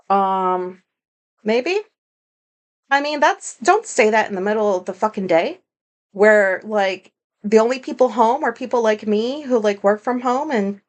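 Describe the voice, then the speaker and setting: Rambling, foul-mouthed woman podcaster. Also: a little high. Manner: rambling, candid and profane, with many fillers. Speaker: podcast host. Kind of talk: casual solo podcast monologue.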